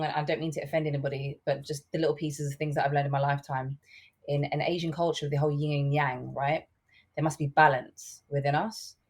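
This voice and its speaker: A woman co-hosting a podcast, talking frankly and bluntly in a casual discussion. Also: deep voice. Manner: frank, blunt and animated, with swearing. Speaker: podcast co-host.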